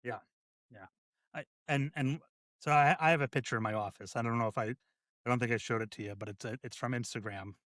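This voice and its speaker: A man who is a deputy fire chief, a guest on a podcast, speaking in a halting, reflective way with many restarts. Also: medium pitch, a bit bright, no echo, studio quality. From United States. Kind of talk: casual podcast conversation.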